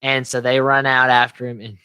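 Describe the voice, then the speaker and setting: A man's voice: medium pitch, little pitch movement, brisk, sharp tone, clear, resonant tone, no echo. Chatty man in a dry-sounding podcast. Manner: chatty, laughs often, quotes scenes in character voices. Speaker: podcast co-host. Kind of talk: casual film recap chat.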